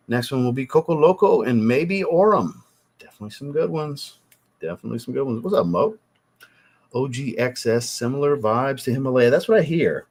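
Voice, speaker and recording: A man hosting a casual livestream, reading out viewer chat and answering in a teasing, blunt way with casual swearing. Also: mid-range voice.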